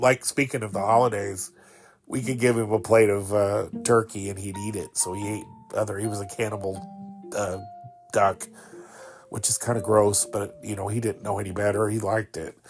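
A man in his fifties, a podcast host, telling rambling, sentimental stories about a childhood pet. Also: on the low side. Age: 50s. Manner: rambling, sentimental, with fillers and laughs. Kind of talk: casual storytelling monologue.

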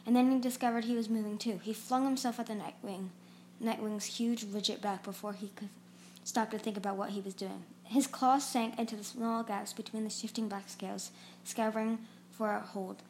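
A woman's voice: medium pitch, fairly even intonation, moderate pace, darkish tone, a little hiss or hum. A woman narrating a fantasy novel aloud as an audiobook reader, often stumbling and restarting words.

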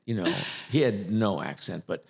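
A man's voice: sits low, lively intonation, normal speed, vocal fry, a little mellow, husky. A man with a New York accent, an acting coach co-hosting a casual podcast chat, teasing and rambling with lots of restarts.

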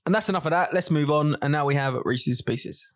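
A man chats on a podcast in a loose, stop-start, jokey way. His voice sits a little high for a man. He rambles through stories with many restarts. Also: brisk. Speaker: podcast co-host. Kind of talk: casual chat.

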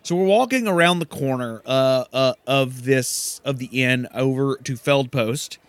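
A man casually narrating a fantasy game he is playing, excitable and swearing at setbacks. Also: mid-range voice, unhurried, clean tone, dry recording. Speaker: gamer. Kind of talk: let's play commentary.

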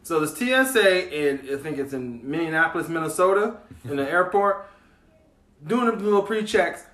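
A man co-hosting a comedy show, telling stories in a lively, animated way during casual banter. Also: fairly high pitch, moderate pace, roomy sound. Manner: animated storyteller who laughs through his stories.

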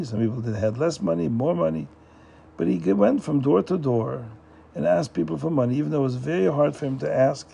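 A man narrating a folk tale in a plain, unhurried storytelling manner, often repeating himself for emphasis. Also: medium pitch, creaky, mellow, slightly rough. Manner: plain, repetitive storytelling with restarts.

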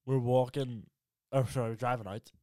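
A man's voice: mid-range voice, fairly even intonation, normal speed, dark tone. A young man, co-hosting a podcast in casual chat, joking in a mock-serious way and laughing often. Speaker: podcast co-host.

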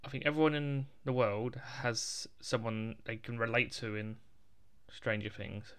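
A man with an English accent in easy conversation. He keeps his replies brief and slips in dry jokes, sounding relaxed throughout. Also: mid-range voice, measured pace, clear, resonant tone. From England. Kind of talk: casual chat.

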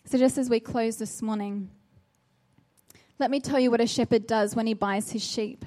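A woman's voice: fairly high pitch, steady tone, moderate pace, dark tone. A woman preaching a sermon, earnest and exhorting, with a run of searching rhetorical questions.

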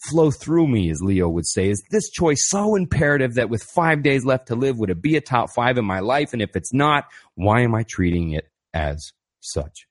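A man's voice: mid-range voice, big pitch swings, normal speed, few pauses. A man hosting a podcast, talking through self-help advice in a blunt, casual way, swearing freely and asking rhetorical questions. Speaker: podcast host and author.

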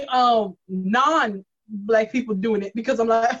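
A chatty woman co-hosting a casual conversation who laughs easily. Her voice is quite high. The recording sounds dull and lo-fi. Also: slow. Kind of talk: casual chat.

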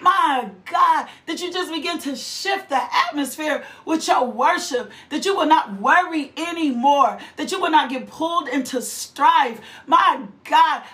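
Fervent high-voiced woman preacher. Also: sharp tone. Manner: fervent, rhythmic repetition, exhortations. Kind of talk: sermon.

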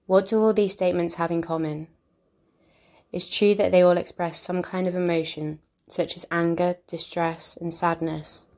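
A woman giving a calm, measured instructional narration, explaining ideas step by step. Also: fairly low pitch.

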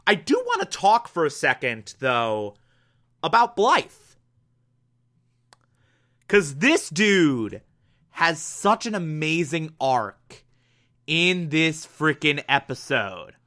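A young man with a bright, forward voice that sits a little high talks through a TV episode in an easy, unscripted way. He is enthusiastic and rambling, with plenty of fillers and the odd swear word. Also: sing-song, slow, long pauses. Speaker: TV episode reviewer. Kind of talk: casual spoken review.

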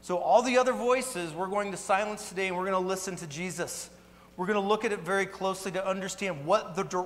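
A pastor gives a sermon in an earnest, conversational manner, his voice a little higher than most men's. He speaks in a church sanctuary, and his words trail off into a long reverb. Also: a bit bright.

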